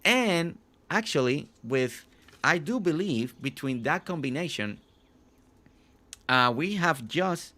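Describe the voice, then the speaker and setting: A man's voice: a little high, lively intonation, takes it slowly, long pauses, pushed and bright. A man hosting a live game stream, chatting casually with viewers, often repeating and restarting his phrases.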